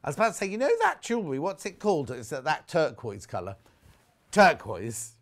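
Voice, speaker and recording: English male shopping-channel host, lively swooping voice, fairly high, chatty. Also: fairly quick. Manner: chatty, animated, reads viewer messages aloud. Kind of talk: live sales chat. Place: TV studio.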